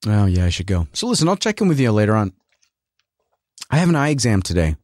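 A man's voice: lowish voice, very animated, fast talker, a little mellow, no room sound. Rambling sarcastic man, dry sound. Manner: rambling, sarcastic, lots of fillers and restarts. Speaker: podcast host and working actor. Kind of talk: casual solo rant.

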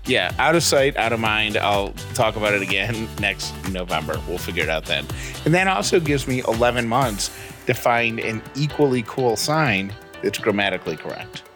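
A man's voice: on the low side, expressive, normal speed, music in the background. Easygoing man podcast co-host. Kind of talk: casual chat.

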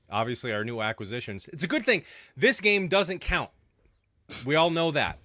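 A man's voice: mid-range voice, pushed and bright, no room sound. A man hosting a casual basketball postgame show, loose and swearing as he runs the panel. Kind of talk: casual podcast chat.

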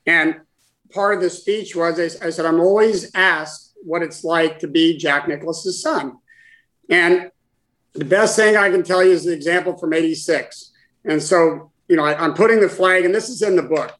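A man in his sixties, a guest, telling a personal story in conversation in a halting, heartfelt way with many restarts. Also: fairly high pitch, fairly bright tone, poor audio. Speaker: guest, former caddie for his father.

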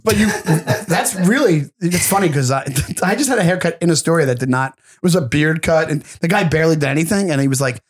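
Husky, lively-pitched joking man. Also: fast, few pauses. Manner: jokey, laughing, slips into silly voices. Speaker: podcast co-host. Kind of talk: casual chat.

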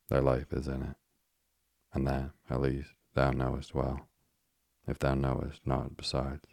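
A man's voice: rumbling low, completely flat delivery, measured pace, gravelly, darkish tone, no echo, studio quality, exaggerated voice. A man voicing a doting old witch woman in an audiobook, speaking in fond, archaic phrasing.

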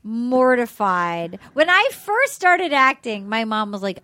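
A woman's voice: on the high side, very animated, moderate pace, pushed and bright, no echo. A woman from Rhode Island co-hosting a casual podcast chat, gushing and steering the topics. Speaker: podcast co-host.

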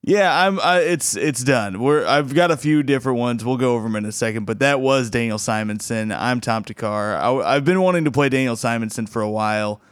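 A man's voice: medium pitch, fairly quick, hardly any pauses, smooth, dry recording, studio quality. A man hosting a comedy podcast in casual, rambling chat, laughing often. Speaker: podcast host.

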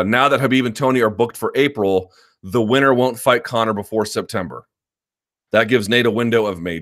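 A man hosting a live podcast, speaking in a lowish voice. He argues hard and repeats himself for emphasis, then slips into relaxed, rambling talk full of "uh" and "um". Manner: emphatic and combative, repeats points; casual with many fillers. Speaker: MMA podcast host. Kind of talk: live-stream commentary.

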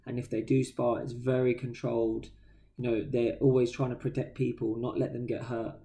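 A man with a British accent co-hosting a podcast, telling stories in a casual, slangy, animated way. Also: medium pitch, moderate pace, vocal fry. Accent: British English. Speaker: podcast co-host. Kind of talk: casual chat.

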